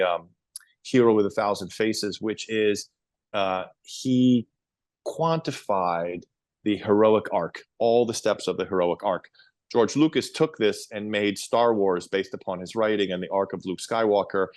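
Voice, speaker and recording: Brief: middle-aged male podcast guest, low voice, animated storyteller, dry close sound. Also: no room sound. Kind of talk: casual interview storytelling.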